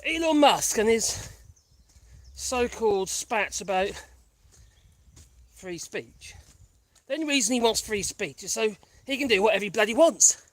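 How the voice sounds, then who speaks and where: A woman's voice: on the high side, lively intonation, measured pace, long pauses, no room sound. A woman vlogging casually on a country path, rambling and chatty while out of breath. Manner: rambling, chatty, laughs often. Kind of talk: casual chat while walking.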